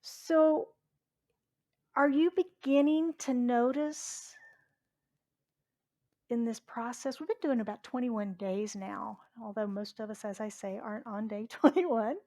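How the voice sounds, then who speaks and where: A middle-aged woman from Southwest Virginia, preaching a chatty sermon as a reverend and asking the congregation questions. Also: fairly high pitch. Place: church sanctuary.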